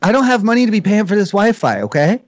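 A man's voice: high voice, very animated, quick pace, dry recording. A man making a prank phone call, rambling and flustered, flaring into heated outbursts. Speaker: prank caller.

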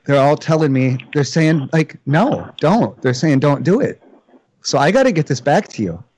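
A man's voice: on the high side, sing-song, normal speed, darkish tone, no echo. A man making a prank phone call, rambling and flustered, flaring into heated outbursts. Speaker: prank caller.

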